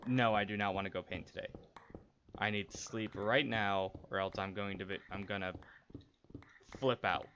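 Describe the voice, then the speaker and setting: A man's voice: on the low side, fairly even intonation, normal speed, fairly bright tone. A young man streaming, telling a personal story casually, rambling and candid with many restarts. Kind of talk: casual storytelling while gaming. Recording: dull lo-fi stream audio, faint noise.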